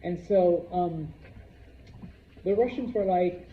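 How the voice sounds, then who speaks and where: A man's voice: a little high, lively intonation, unhurried, recorded from a distance. A male history teacher gives a casual classroom lecture and keeps checking in with his students. He is recorded from across an echoey classroom. The sound is dull, with faint room noise behind him. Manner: chatty, checks in with frequent "okay?".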